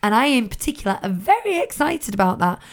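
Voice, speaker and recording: A woman's voice: on the high side, very animated, fast talker. A woman co-hosting a fan podcast in casual, chatty talk, laughing and poking fun at herself. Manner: chatty, laughing, self-mocking. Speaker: podcast co-host. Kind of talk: casual chat.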